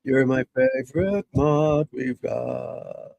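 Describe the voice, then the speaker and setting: A man's voice: medium pitch, slow pace, vocal fry, darkish tone, dry recording. A middle-aged man with a Boston accent, a golf instructor chatting casually on a live stream, rambling and blunt with joking asides.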